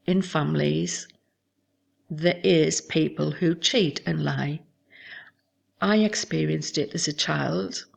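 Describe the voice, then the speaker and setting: A woman hosting a show, reading aloud from her memoir in a measured, somber way. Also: deep voice, creaky. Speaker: host.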